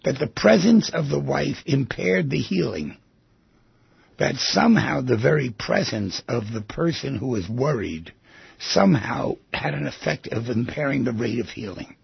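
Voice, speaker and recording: A man with a heavily gravelly, husky voice hosts a reflective radio talk, musing and asking question after question. His pitch rises and falls a lot. The sound is dry and a little dull. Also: expressive, moderate pace, no echo. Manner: musing, asks many rhetorical questions. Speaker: radio show host. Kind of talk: reflective monologue on psychology.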